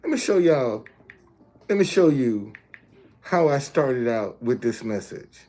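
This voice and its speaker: A man's voice: mid-range voice, sing-song, slow pace, warm tone. A man talking casually to his viewers, explaining things step by step with emphasis and often checking that they follow. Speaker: street messenger and video host.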